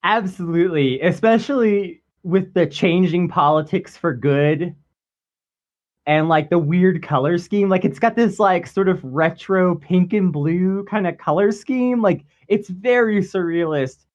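A man co-hosting a podcast, talking in a relaxed casual way, leaning heavily on "like". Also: sits high, unhurried, dull audio. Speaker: podcast co-host. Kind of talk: casual political chat.

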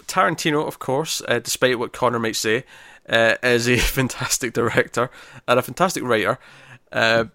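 A chatty man talks movies with real enthusiasm, often breaking into laughter and restarting sentences. His voice sits at an ordinary pitch. The sound is dry and close, with no room echo. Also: sharp tone. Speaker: podcast co-host ranking movies. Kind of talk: casual chat.

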